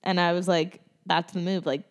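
A woman's voice: on the low side, level tone, moderate pace. A woman co-hosting a casual podcast, giggly and rambling with lots of fillers, sitting back from the mic. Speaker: podcast co-host. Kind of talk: casual chat. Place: studio with couch. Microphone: sits back from the mic.

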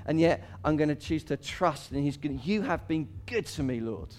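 A man preaching a sermon as pastor, talking casually with laughs between points, rising for quoted cries and dropping low and quiet for scripture. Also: animated, normal speed, a little hiss or hum.

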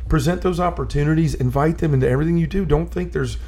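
A man speaks with a gravelly, creaky edge and a dark, mellow tone. He talks earnestly in a relaxed conversation, telling long stories and often stopping to restart his sentences. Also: a little high, fast. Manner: earnest storyteller, restarts and repeats himself. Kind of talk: casual conversation about faith.

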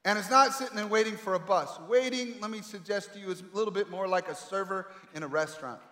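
Man preaching, high voice, emphatic with dramatic pauses, long hall reverb. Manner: emphatic preaching with dramatic pauses, swinging from loud calls to quiet asides. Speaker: pastor. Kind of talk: sermon. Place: large echoey hall.

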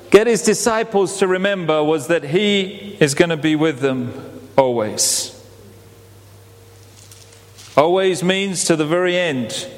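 A man preaching a sermon, telling it as an animated story and acting out the quotes. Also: high-pitched. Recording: long hall reverb.

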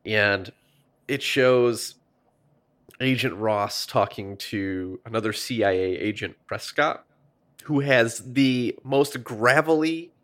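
A man's voice: medium pitch, slow pace, fairly bright tone. A man co-hosting a casual podcast, talking in a wry, sarcastic way. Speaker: podcast co-host. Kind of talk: casual chat.

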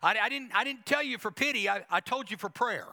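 Bright, gravelly high-voiced preacher man. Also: brisk. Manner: emphatic preaching with quoted asides and repetition. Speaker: pastor. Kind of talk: sermon.

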